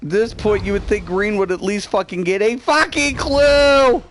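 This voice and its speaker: A man's voice: high-pitched, normal speed, slight background noise. A man hosting a gaming channel, giving live gameplay commentary and swearing constantly at his teammates. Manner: shouting in rage.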